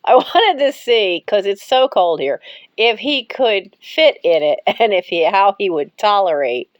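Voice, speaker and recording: Woman cooing at her cats at home, slow lively voice, dry close sound. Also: mid-range voice, dry recording. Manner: baby-talks to cats, breaks into frequent giggles. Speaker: pet vlogger. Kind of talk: casual talk to her cats while filming. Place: cold house, bedroom.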